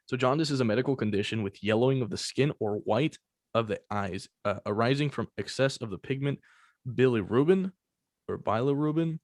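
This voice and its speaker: A man's voice: fairly low pitch, no echo, clean studio sound. A young man hosting a podcast, telling a personal story in casual, profane chat full of fillers. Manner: loose and profane, many fillers. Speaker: podcast host.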